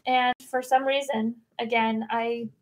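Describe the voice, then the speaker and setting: A woman with a slightly high voice talks through her own experience as a podcast guest. Her delivery is earnest and reflective, and she speaks candidly in a conversational setting. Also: flat delivery, measured pace, slight background noise. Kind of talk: personal storytelling in a conversation. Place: podcast recording room.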